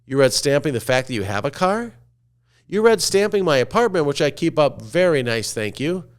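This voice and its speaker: A man voicing a calm, wise middle-aged custodian who lectures in a measured, preachy way. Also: fairly high pitch. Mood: lecturing.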